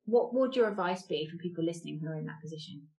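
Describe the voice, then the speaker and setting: A woman's voice: on the low side, expressive, gravelly, warm tone. A woman hosting a podcast interview, empathetic and affirming, who echoes her guest and asks reflective questions. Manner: empathetic, affirming, quick to murmur agreement. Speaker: podcast host. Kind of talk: conversational interviewing.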